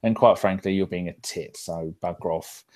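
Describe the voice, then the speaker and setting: A man's voice: low-pitched, normal speed, a little mellow. A man hosting a casual live podcast, bantering with lots of swearing and reading out viewer comments. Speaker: podcast host.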